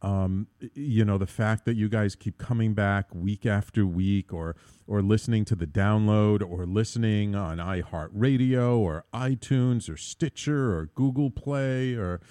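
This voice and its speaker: Low mellow-voiced guy hosting a talk radio show, rambly with lots of ums, dry studio mic. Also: dry recording. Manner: rambling, many fillers and restarts. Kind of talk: solo internet radio talk.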